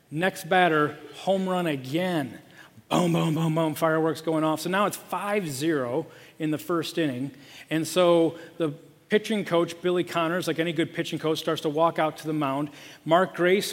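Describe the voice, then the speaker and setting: High-voiced male pastor preaching. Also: long reverb tail. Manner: storytelling, lively, with fillers. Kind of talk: sermon.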